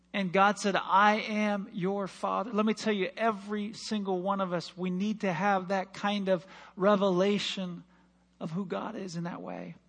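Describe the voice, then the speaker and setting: A man preaching a sermon in church, telling a personal story with passion and dropping from loud to hushed. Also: sits high. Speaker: pastor.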